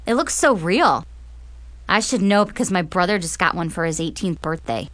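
A woman voicing a popular, excited teenage boy in a storybook reading. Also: fairly low pitch. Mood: eager. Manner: excited, quick questions. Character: popular eager teenage boy, class president.

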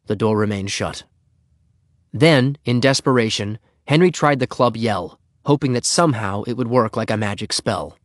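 A man reading a children's storybook aloud with expressive narration. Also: on the low side, moderate pace, dry recording, studio quality. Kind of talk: audiobook reading.

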